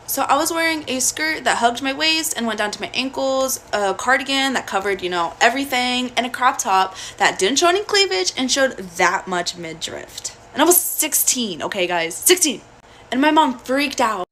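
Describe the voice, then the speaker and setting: A young woman telling a personal story in a casual, blunt and profane way, animated throughout. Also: on the high side, moderate pace, a little hiss or hum.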